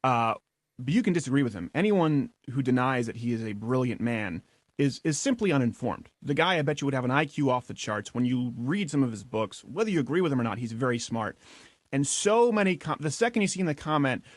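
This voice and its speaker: Animated man guesting on a chat, dry sound. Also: mid-range voice, brisk, dry recording. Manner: animated, blunt, acts out quotes. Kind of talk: casual interview chat.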